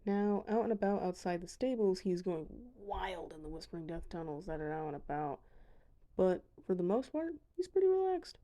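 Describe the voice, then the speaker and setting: A woman's voice: on the low side, big pitch swings, normal speed, dark tone. A young woman giving a casual voice-over of a video game, chatty with self-deprecating asides. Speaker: gamer showing her dragons.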